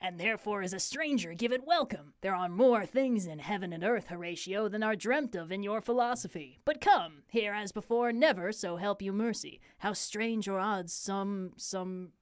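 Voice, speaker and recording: A woman's voice: medium pitch, moderate pace, few pauses, no echo, natural voice. A woman reading a moody young prince, plain mid voice, casual unrehearsed reading, close dry mic. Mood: brooding. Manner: plain reading with profane asides. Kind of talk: unrehearsed comic play reading.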